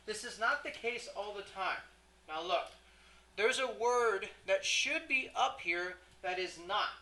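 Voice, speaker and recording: A math teacher works through a lesson in a classroom. The voice is strikingly bright and crisp, sitting at a middling pitch. The teacher keeps checking in with the students, throws questions to them and fixes their own slips on the fly. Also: slight background noise, low-quality recording. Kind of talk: classroom lecture.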